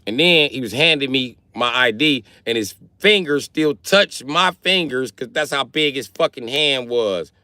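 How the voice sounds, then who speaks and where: A man's voice: mid-range voice, expressive, measured pace, hardly any pauses, pushed and bright, no room sound. A young man from Wisconsin, a livestreamer telling a rambling, profane comic story with lots of energy.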